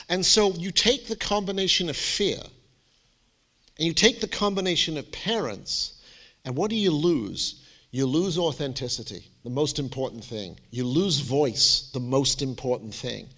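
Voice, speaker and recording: A man speaking as a college admissions adviser, giving a lively, theatrical presentation to students and parents. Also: high-pitched. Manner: animated, theatrical, jokey storyteller.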